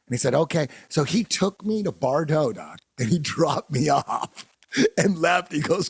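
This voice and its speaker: A man with a fairly high, creaky, husky voice hosts a podcast, animatedly spinning a long and profane tale at normal speed, wandering off track and laughing a lot. It's casual storytelling with no room sound.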